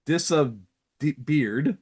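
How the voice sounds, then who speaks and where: A man's voice: on the high side, takes it slowly, a little mellow, slightly rough. Laughing, teasing man hosting a podcast. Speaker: podcast host. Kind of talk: casual chat.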